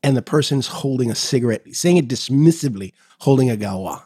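A man's voice: mid-range voice, expressive, brisk, dark tone, slightly rough, dry recording, clean studio sound. A man co-hosting a tech podcast, chiming in with joking quips and asides. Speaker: podcast co-host. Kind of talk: casual tech news chat.

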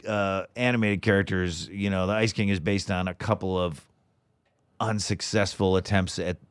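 Forties guy, voice actor talking casually, lotsa uh and you know, kinda low voice. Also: fairly even intonation, moderate pace, clear, resonant tone, dry recording. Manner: rambling, with many fillers and restarts. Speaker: guest voice actor. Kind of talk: casual interview chat.

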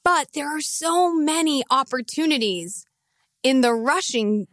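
A woman co-hosts a fantasy football podcast with a playful, teasing way of talking. Her voice sits a little high, and the recording is dry and close. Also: expressive, measured pace, a bit bright, dry recording. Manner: playful, teasing, breaks into laughter. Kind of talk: casual podcast banter.

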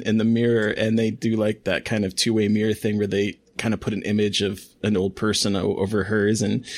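A man co-hosting a casual podcast chat, talking in a halting way with frequent fillers and restarts. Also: on the low side. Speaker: podcast co-host.

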